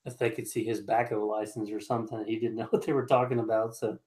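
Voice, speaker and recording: A man's voice: lowish voice, level tone, quick pace, a little mellow, low-quality recording. A man co-hosting a casual live stream, talking laid-back about running excavators.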